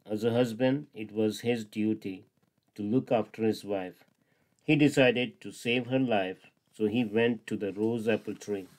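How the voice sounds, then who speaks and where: A man narrating a children's fable in a steady, simple read-aloud manner. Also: lowish voice, measured pace. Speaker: storyteller. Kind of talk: storybook narration.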